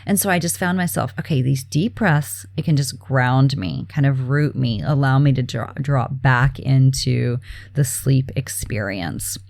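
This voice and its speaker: Low, gravelly-voiced woman host. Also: a little slow, dry recording, studio quality. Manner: relaxed and chatty, many fillers, soft breathy laughs. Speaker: podcast host. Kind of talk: casual self-care talk.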